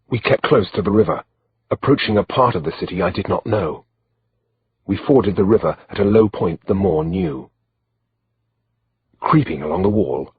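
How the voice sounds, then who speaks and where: Deep-voiced man narrating an audiobook. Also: slightly rough, highs cut off.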